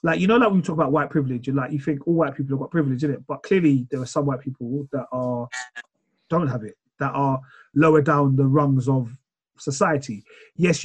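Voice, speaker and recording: A man chatting casually on a podcast, retelling a show in a rambling, animated way. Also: mid-range voice, breathy edge.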